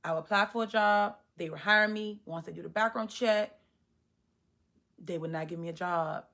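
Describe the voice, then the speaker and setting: A woman in her thirties telling a personal story to the camera, animated and acting out her own past reactions. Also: fairly low pitch, normal speed. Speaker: vlogger. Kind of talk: storytime monologue.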